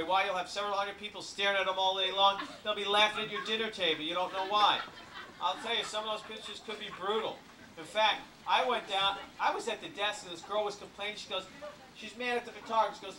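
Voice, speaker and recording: A man's voice: sits high, fast, far from the mic, a crowd in the background. Man joking through a cruise briefing. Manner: jokey deadpan patter with asides. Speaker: cruise ship entertainer giving a briefing. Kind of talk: comic cruise briefing to an audience. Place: ship lounge. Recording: echoey room, camcorder from afar.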